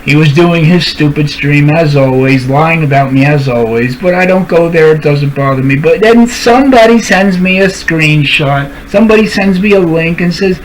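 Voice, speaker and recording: A man's voice: on the high side, normal speed, few pauses, a little hiss or hum, poor audio. A streamer ranting to camera, calling out people by name and repeating his points for emphasis. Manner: confrontational, addresses people directly by name. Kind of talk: angry rant to camera.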